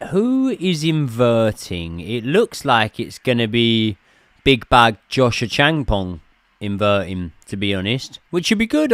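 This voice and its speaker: A man's voice: mid-range voice, a bit bright, clean tone, no echo. A young man hosting a live football watchalong, chatting casually, swearing now and then and answering viewers. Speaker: host of a football watchalong stream. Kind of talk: casual live-stream chat and commentary.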